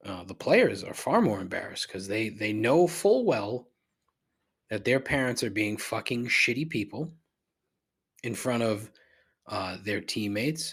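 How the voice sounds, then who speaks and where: A middle-aged man hosting a podcast, rambling through a profane rant that climbs in pitch when he gets riled. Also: breathy edge. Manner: rambling and repetitive, swears freely, rises in pitch when riled. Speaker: podcast host. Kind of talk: casual profane ranting monologue.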